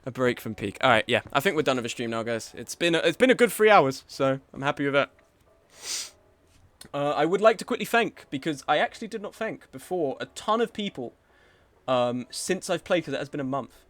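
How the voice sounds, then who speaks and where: A young man streaming a game live, frustrated and swearing, swinging between low muttering and loud outbursts. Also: expressive, brisk, dry recording.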